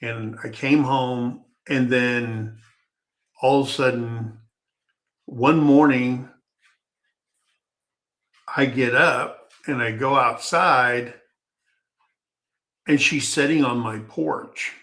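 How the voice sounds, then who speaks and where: A man's voice: medium pitch, fairly even intonation, drawn-out words, long pauses, a bit bright. A man telling a personal story in a casual, rambling, folksy way, often stopping to restart his sentences.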